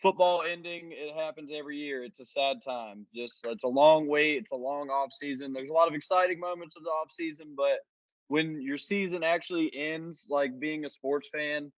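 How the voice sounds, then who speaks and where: A young man with a slightly higher voice speaks reflectively and wistfully in casual sports chat. The sound is dry and close, with little room echo. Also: steady tone, moderate pace. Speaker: podcast co-host.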